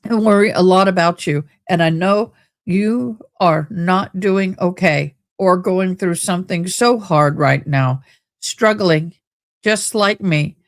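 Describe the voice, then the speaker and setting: A woman hosts a live stream, reading letters and recapping events in casual commentary. Her pace is very slow, her voice sits on the low side, and she talks in a loose, chatty way with drawn-out exclamations.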